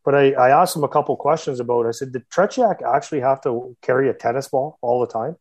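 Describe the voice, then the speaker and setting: A hockey skills coach, a man of ordinary pitch, spins a long story in casual conversation. He circles back, restarts sentences and adds laughing asides as he talks. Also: quick pace, darkish tone, poor audio. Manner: rambling, self-interrupting, laughing asides.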